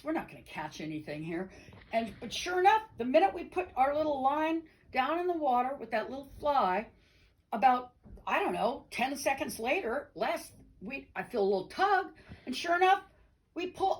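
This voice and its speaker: Lively woman telling a personal story. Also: on the high side, poor audio. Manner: animated, playful, addresses audience directly. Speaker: storyteller and singer. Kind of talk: told personal story with sing-along.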